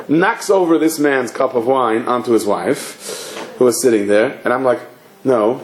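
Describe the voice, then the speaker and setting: A man, a rabbi, giving a sermon with animated storytelling and acted-out dialogue. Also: mid-range voice. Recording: echoey room, faint ambience.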